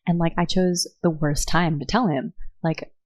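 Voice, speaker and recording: A woman's voice: deep voice, steady tone, moderate pace, darkish tone, dry recording. A young woman, telling a personal story in casual podcast chat with many fillers. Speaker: podcast co-host.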